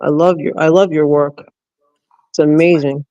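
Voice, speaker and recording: A friendly co-host chats on a stream, rushing greetings to viewers and calling people "love". The audio is dull and lo-fi, with a dry, close sound. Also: medium pitch, flat delivery, clean tone, no echo. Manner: warm, calls people "love", rushes greetings. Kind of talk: casual stream chat.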